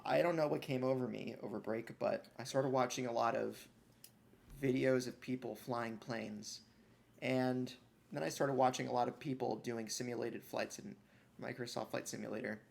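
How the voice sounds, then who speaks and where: A man's voice: mid-range voice, steady tone, moderate pace, creaky, a little mellow. A man co-hosting a gaming podcast, chatting casually with dry, wry remarks. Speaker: podcast co-host. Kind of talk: casual chat.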